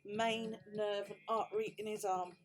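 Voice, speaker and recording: Unhurried and level in tone, a British woman speaks at medium pitch in a British English accent, with soft music playing underneath. The crafting vlogger recounts a story in casual chat, swearing freely and acting out what people said.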